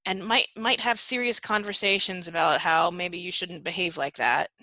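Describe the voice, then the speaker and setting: Bright-voiced woman host, halting questions. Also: fairly low pitch, no echo. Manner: halting, searching for words. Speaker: podcast host. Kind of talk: casual interview.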